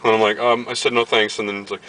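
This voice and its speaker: A man's voice: lowish voice, flat delivery, rapid-fire, fairly bright tone, a little hiss or hum, low-quality recording. A man from Baltimore vlogging casually, telling a story and acting out what others said. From Baltimore, USA. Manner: storytelling, acts out quoted dialogue. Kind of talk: casual chat.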